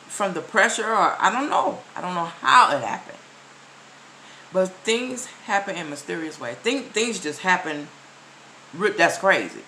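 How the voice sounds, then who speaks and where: A woman vlogger lectures her viewers directly in casual commentary, speaking emphatically and repeating her key phrases. Her voice is medium-pitched and sharp, and the low-quality recording has slight background noise.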